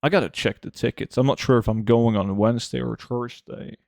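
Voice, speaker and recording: A man, streaming a game and chatting casually with viewers, relaxed and full of fillers. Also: mid-range voice, brisk, vocal fry, dry recording, clean studio sound. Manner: relaxed, answers chat with many fillers. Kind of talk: casual live-stream chat.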